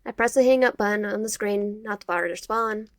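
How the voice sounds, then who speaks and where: A woman reads through a dating game's narration, expressive and quick with sarcastic asides. Her voice sits in a middle pitch and sounds close and dry, with no room echo. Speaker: gamer. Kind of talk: reading a dating game aloud.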